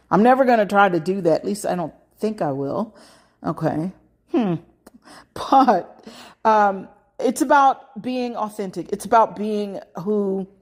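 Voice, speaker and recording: A woman's voice: medium pitch, a little mellow. A middle-aged American woman hosting a podcast, giving advice in a casual monologue, emphatic and punctuated with frequent "okay" asides. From United States. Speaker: podcast host.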